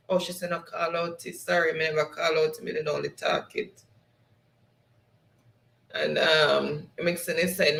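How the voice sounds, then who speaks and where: A man's voice: on the high side, gravelly, a bit bright, echoey room, poor audio. Laughing Jamaican man reading comments. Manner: laughs often, reads comments aloud in patois. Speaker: show host. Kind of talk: casual live-stream chat, reading viewer comments.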